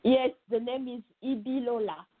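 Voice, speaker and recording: A woman with a French accent, a guest in a remote interview, speaking haltingly with many fillers and restarts. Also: a little high, steady tone. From France. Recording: phone-like narrow sound.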